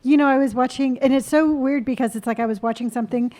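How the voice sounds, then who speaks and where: A woman chatting casually as a podcast co-host, easygoing and quick to laugh. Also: sits high, steady tone, mellow. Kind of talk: casual chat.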